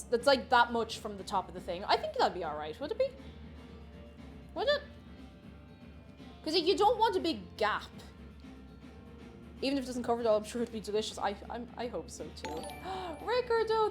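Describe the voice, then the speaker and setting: A woman chatting casually and giggling as she cooks at home and greets her viewers by name. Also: on the high side. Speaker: cooking livestreamer. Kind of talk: casual cooking livestream chat. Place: home kitchen.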